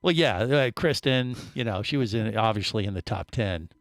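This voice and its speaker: A man's voice: lowish voice, lively intonation, normal speed, no echo. A man hosting a radio talk show in a studio, joking around and rambling with lots of fillers. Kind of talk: casual radio chat.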